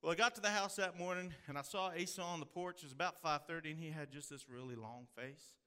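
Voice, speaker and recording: A man's voice: fairly high pitch, fast talker, sharp tone, clean tone. A man from the Texas hill country with a Texan accent, preaching a sermon as pastor in folksy storytelling style. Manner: folksy storytelling with drawled phrases.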